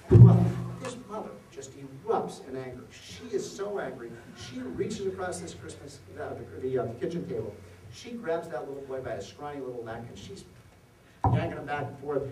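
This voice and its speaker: A man giving an after-dinner policy speech, an animated storyteller who throws rhetorical questions at the audience. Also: medium pitch, brisk, slight background noise. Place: event hall at a reception. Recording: echoey hall from far off.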